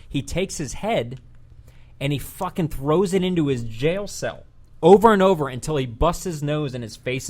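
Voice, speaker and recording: Spinning a lengthy yarn on his relaxed podcast, a man retells events with lots of profanity and slips into quoted lines. He speaks at a normal pitch in a lively, conversational manner.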